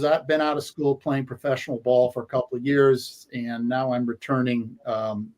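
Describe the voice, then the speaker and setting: A man in his sixties, a sports radio co-host, reminiscing at length in a halting way with many fillers. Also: medium pitch, flat delivery, a little mellow. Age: 60s. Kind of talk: conversational storytelling.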